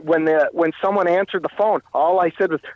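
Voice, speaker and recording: A man with a somewhat high voice recounts his past as an interview guest. He talks haltingly and repeats words. The sound is dry and dull, like a lo-fi line. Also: fairly even intonation, no room sound. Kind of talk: telling a personal story in conversation.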